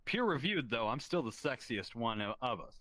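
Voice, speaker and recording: A man telling a self-deprecating stand-up story in a deadpan, profane way. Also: mid-range voice, moderate pace, no echo. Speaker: stand-up comedian.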